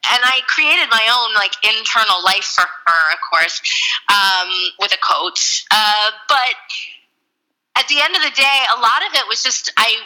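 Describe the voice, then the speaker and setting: Woman, actress guest, bright high-ish voice, chatty and filler-heavy. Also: rough recording. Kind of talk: casual interview chat.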